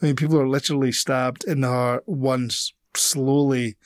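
A man's voice: mid-range voice, fairly even intonation, normal speed. A man co-hosting a casual horror film podcast, rambling and swearing as he chats. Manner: rambling, swears, laughs often. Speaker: podcast co-host. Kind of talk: casual film review chat.

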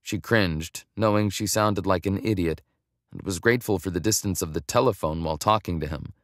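In a deep voice, a man narrates a romance audiobook from a script, keeping his delivery steady and measured. The recording is clean studio sound without any room ambience.

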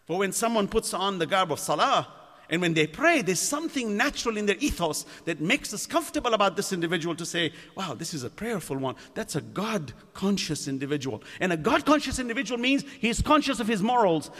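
A man's voice: sits high, big pitch swings, a little fast, a bit bright. A man delivering a sermon at a mosque gathering, asking the audience rhetorical questions. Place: community centre lecture hall. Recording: long hall reverb.

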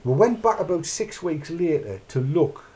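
A man's voice: on the high side, sing-song, moderate pace, mellow. A middle-aged man, hosting a casual chat show in a rambling, chatty way and narrating his own actions aloud. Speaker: podcast host.

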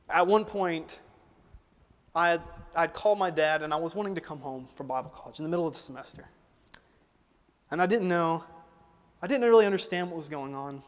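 A young man preaching a sermon, moving from loud, driving exhortation to quiet, emotional personal storytelling. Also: high voice, long reverb tail. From United States. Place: church auditorium.

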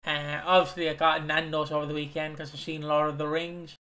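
A man's voice: on the high side, level tone, a little fast, bright, forceful tone. A man co-hosting a podcast in casual chat, chiming in with teasing quips and jokes. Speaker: podcast co-host.

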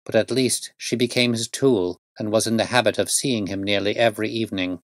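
Guy doing a stern calm detective, measured and precise, lowish voice, dry. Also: no room sound, lightly acted. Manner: measured, explanatory.

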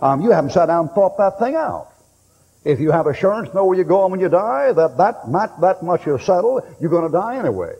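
Folksy shouting preacher in an echoing hall. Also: male voice, high-pitched, very animated, fairly quick, husky. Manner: folksy, blunt and joking, with sudden shouts. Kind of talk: fiery sermon. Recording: dull old recording with long hall echo and faint hiss.

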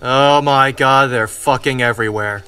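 A young man commenting on a video game he is playing, excitable and swearing, often yelling at the game. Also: mid-range voice, unhurried, clean tone. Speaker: let's play gamer. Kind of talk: gameplay commentary. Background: game music.

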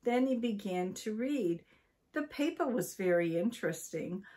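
An older woman from Maine reads a children's story aloud. She takes it slowly and deliberately, pausing between phrases. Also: mid-range voice, darkish tone. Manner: slow, deliberate reading.

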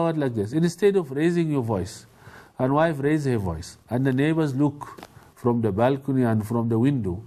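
A man giving a televised religious lecture in English, preaching emphatically, repeating phrases and jumping up in pitch to stress points. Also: mellow. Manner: emphatic, repetitive, with sudden rises in pitch. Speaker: Islamic preacher.

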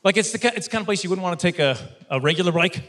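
A man performing a stand-up comedy routine, telling a story with lively mock voices for the people in it. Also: high-pitched, racing. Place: stage before a live studio audience.

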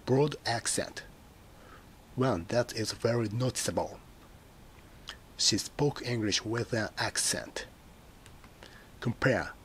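A man reading dictionary definitions and example sentences in short, measured phrases. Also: lowish voice, fairly bright tone, slight background noise. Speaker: dictionary entry reader.

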